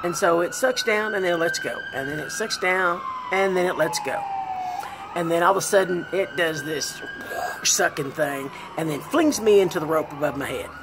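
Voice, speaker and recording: A woman vlogger telling a comic personal story, animated and self-deprecating, laughing as she goes. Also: on the low side, normal speed, noisy background.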